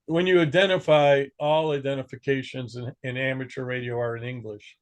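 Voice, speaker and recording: A man's voice: medium pitch, fairly even intonation, a little fast. A man teaching an amateur radio class in a casual, joking way, stopping to correct himself now and then. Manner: chatty, joking, self-correcting. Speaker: instructor.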